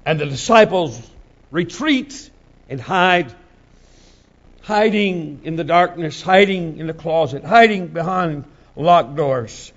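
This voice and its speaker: A man pastor preaching a sermon with a fairly high male voice. His delivery is dramatic, sinking to soft, near-whispered passages and then climbing to loud shouts. The rhythm is slow and emphatic, with lots of repetition. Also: lively intonation, highs cut off. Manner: dramatic, swings from hushed to shouting.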